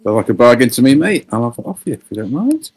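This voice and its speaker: A man playing his character in a tabletop game over a video call, casual and laconic, sometimes halting. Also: medium pitch, sing-song. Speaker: player.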